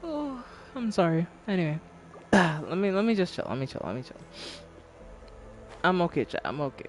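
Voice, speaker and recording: Teasing woman streamer, super lively up-and-down voice, laughs a lot, swears casually. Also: low voice, moderate pace, a little hiss or hum. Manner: teasing, laughs often between lines; frank, swears freely. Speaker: game streamer. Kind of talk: casual chat with a live stream audience.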